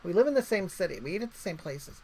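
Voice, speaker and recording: A woman's voice: fairly low pitch, sing-song, fast talker, warm tone, slightly rough, low-quality recording. A woman hosting a livestream in casual chat, rambling along and reading viewer comments aloud. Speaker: livestream host.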